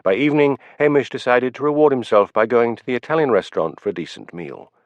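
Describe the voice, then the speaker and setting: A man narrating an audiobook in a measured storytelling manner, in a dull, dry recording. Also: mid-range voice, animated, no room sound. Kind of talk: scripted narration.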